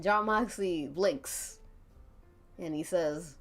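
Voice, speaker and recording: A woman's voice: medium pitch, lively intonation, slow, soft background music. A woman streamer telling an interactive story to her chat, giggling often and breaking off to laugh and restart.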